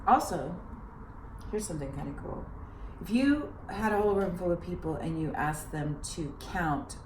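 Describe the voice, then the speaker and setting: Low-voiced woman, echoey and distant. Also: moderate pace. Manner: animated, explanatory, teacherly. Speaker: actor and director. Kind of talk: casual chat. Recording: echoey room, distant mic, noisy.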